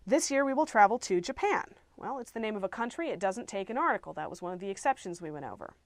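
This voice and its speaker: A woman's voice: medium pitch, animated, brisk, fairly bright tone, no echo, clean studio sound. Patient woman teaching English grammar. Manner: clear, patient explaining with playful asides. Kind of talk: grammar lesson.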